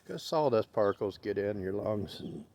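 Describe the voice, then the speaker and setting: Gravelly low-voiced middle-aged man vlogging. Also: animated, normal speed, a little mellow, a little hiss or hum. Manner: opinionated, rambling, plain-spoken. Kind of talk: casual rambling vlog monologue. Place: outdoors, walking his dog.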